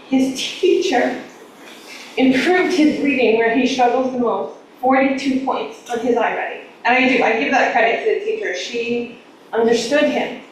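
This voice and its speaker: A woman giving public comment as a parent, emotional, earnest and emphatic. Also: a little high. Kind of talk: public comment at a school board meeting. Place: large echoey meeting room. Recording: echoey room audio with faint noise, from a distance.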